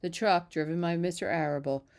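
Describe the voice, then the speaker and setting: A woman reads a children's novel aloud at a steady pace, slipping on a word now and then. Her voice is slightly low. She narrates evenly. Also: fairly quick. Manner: steady, even narration with small slips. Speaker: reader. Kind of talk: storybook read-aloud.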